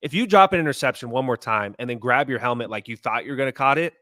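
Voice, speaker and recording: A man bluntly airs his frustration on a sports podcast. His voice is bright and a little sharp. It is recorded close and dry. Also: mid-range voice, fast, dry recording. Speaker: podcast co-host. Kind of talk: casual sports chat.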